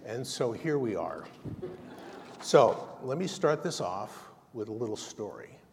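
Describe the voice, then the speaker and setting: A man's voice: lowish voice, big pitch swings, a little slow, creaky, darkish tone, slight background noise. A man giving a conversational sermon as a lay preacher, telling stories with self-deprecating humor. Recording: long reverb of a large hall.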